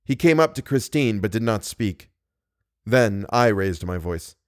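A man's voice: on the low side, lively intonation, moderate pace, a little mellow, dry recording, studio quality. A man reading a novel aloud in dramatic first-person narration, building tension as he goes. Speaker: audiobook narrator.

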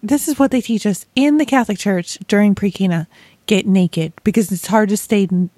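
A woman's voice: mid-range voice, dark tone, no room sound. A woman hosting an interview, chatting candidly and joking about her own life. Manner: candid, joking, speaks in quick bursts. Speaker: podcast host. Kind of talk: casual chat.

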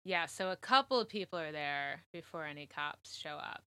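A woman chatting casually on a podcast, her voice bright and forward. She talks quickly in loose, swearing asides and laughs often. The sound is dry and close with no room around it. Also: deep voice, lively intonation, clean tone, no echo. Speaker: podcast co-host. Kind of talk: casual true-crime chat.

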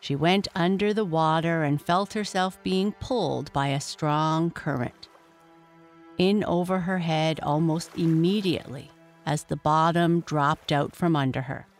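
Slow, calm bedtime storyteller. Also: mid-range voice, faint music behind. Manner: calm, measured reading.

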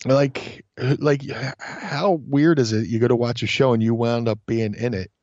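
A man's voice: medium pitch, moderate pace, no room sound. A man guest in casual chat, telling stories with lots of swearing and acting out other people's voices. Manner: animated, swears a lot, acts out voices in stories. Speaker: podcast guest. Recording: dull lo-fi sound.

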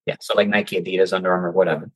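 A man's voice: sits low, flat delivery, very fast, fairly bright tone, breathy edge, poor audio. A man who is a guest coach on an interview show, speaking in casual chat and acting out his own quoted reactions. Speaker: guest, seller turned coach.

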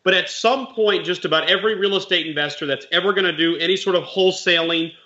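A man's voice: high-pitched, quick pace, pushed and bright, highs cut off. A man, a real estate investor and mentor, telling a story in casual chat and explaining legal points plainly with animation.

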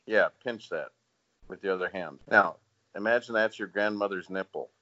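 A man's voice: deep voice, normal speed, pushed and bright, no echo. A man co-hosting a casual podcast, joking and playful. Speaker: podcast co-host. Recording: dry lo-fi audio.

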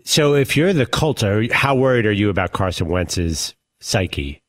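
A man's voice: lowish voice, sing-song, unhurried, fairly bright tone. A man, a regular on a sports talk show, chiming in with questions. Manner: chatty, asks pointed questions.

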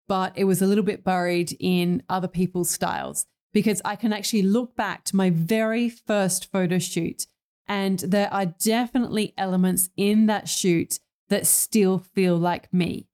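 A woman's voice: medium pitch, a little slow, a little mellow, smooth. A middle-aged woman, an interior stylist, hosting a solo podcast and reflecting earnestly on finding her own style, often correcting herself. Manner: thoughtful, self-correcting, earnest.

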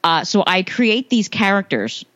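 A woman's voice: mid-range voice, big pitch swings, measured pace, fairly bright tone, no room sound, highs cut off. A woman in her thirties from the United States, a podcast guest chatting about motherhood, laughing often and restarting her phrases. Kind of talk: casual interview answers.

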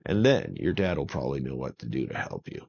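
A man's voice: rumbling low, sing-song, fairly quick, gravelly, darkish tone, slightly rough, pitched below the performer's own voice, exaggerated voice. A man voicing a friendly, sensible troll who helpfully talks through a plan. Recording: dull lo-fi recording.

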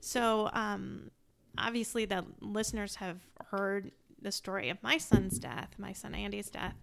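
Gentle woman host with gravelly voice. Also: medium pitch, steady tone, measured pace. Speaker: podcast host. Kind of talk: interview conversation.

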